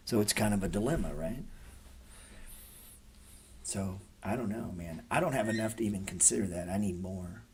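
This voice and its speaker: A man's voice: lowish voice, normal speed, pauses often, a little hiss or hum. A man in his forties hosting a trading show, talking casually to viewers and telling stories in a laid-back, swearing manner.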